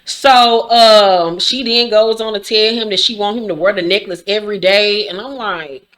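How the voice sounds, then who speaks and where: Sassy, blunt woman recapping reality TV. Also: moderate pace. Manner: sassy, blunt and animated, with sudden high-pitched outbursts. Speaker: commentary host recapping a reality show. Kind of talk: casual, profane recap commentary.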